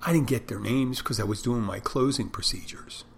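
A man, a bartender who podcasts, talking in a rambling, self-deprecating casual monologue with a loud barking delivery. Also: mid-range voice, moderate pace, vocal fry, slight background noise.

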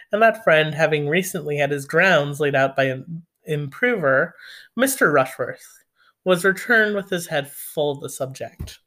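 An audiobook reader working through a classic novel, steady in the narration but dropping dry, sarcastic asides. The tone is casual and unpolished. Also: medium pitch.

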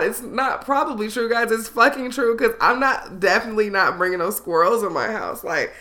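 A woman's voice: mid-range voice, fairly bright tone. A woman hosting a podcast in casual comedic chat, rambling, swearing freely and laughing often. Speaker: podcast host.

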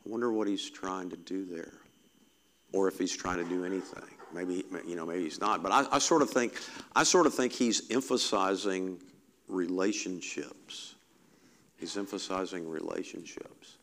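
A man's voice: low-pitched, normal speed, fairly bright tone, a little hiss or hum. A man preaching a sermon in a conversational, reflective way, often repeating key phrases for emphasis.

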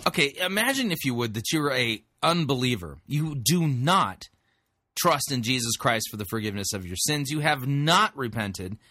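A man's voice: mid-range voice, no echo, clean studio sound. A man hosting a podcast, commenting sarcastically on a recorded sermon he plays and critiques. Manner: sarcastic, mocking, animated.

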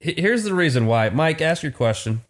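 A man's voice: on the high side, sing-song, normal speed. A man hosting a podcast in casual chat, laughing and loose as he hands off questions. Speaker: podcast host.

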